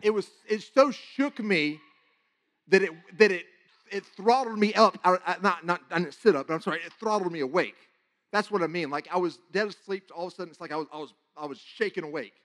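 A man preaching, telling a personal testimony in an animated, excited storytelling way. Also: sits high, fast talker. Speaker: guest preacher.

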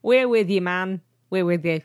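A woman's voice: fairly low pitch, moderate pace, smooth, dry recording, studio quality. A woman chatting and joking as a podcast co-host. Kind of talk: casual chat.

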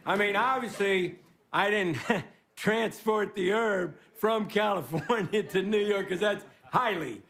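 A man's voice: sits high, slow, vocal fry, a bit bright. A man giving a rambling, self-deprecating stand-up monologue as guest host on a live TV studio stage. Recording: live studio audience with crowd noise. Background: laughing studio audience.

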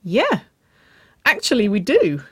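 A woman reading a story aloud and voicing a playful young woman who squeals and pleads in a high, giggly voice. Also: huge pitch swings, slow pace, a bit bright, slightly rough, no echo, clean studio sound, full character voice. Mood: teasing.

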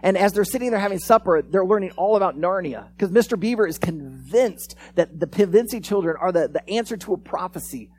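A conversational preacher in mid-sermon who retells stories with lively swings between loud, eager bursts and low, quiet phrases. The voice sits at an ordinary middle pitch. A faint noise runs underneath the recording. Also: brisk, hardly any pauses. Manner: animated storyteller, acts out quoted lines; conversational, frequent restarts and "like". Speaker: pastor. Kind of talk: sermon with storytelling.

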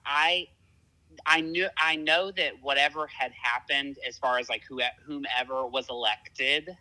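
A man's voice: mid-range voice, fairly even intonation, measured pace, sharp tone, poor audio. A man with a Southern US accent hosting a casual podcast chat, chatty and self-deprecating. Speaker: podcast host.

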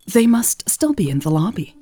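Woman narrator doing a confident, giggly lover; brighter and higher than her husky narration, dry close sound. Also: big pitch swings, normal speed, no room sound. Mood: brisk, cheerful. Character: playful, teasing, confident young woman lover. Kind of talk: audiobook character voice.

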